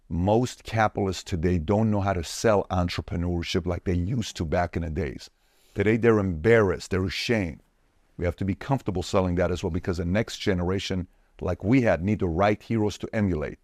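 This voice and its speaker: A man's voice: deep voice, normal speed, a little mellow, no room sound, clean studio sound. A man, an entrepreneur guest on a podcast, talking emphatically with punchy repeated lists. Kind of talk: podcast interview answers.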